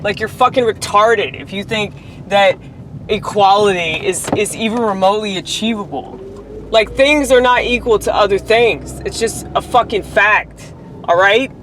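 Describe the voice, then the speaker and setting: A woman's voice: medium pitch, normal speed, background noise. A woman delivering a heated, profane, rambling monologue rant straight to the camera.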